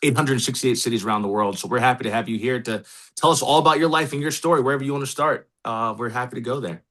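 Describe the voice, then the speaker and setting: A man hosting a casual podcast interview in a middle-pitched voice. He talks loosely and chattily, with plenty of fillers and restarts. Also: quick pace, fairly bright tone. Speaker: podcast host.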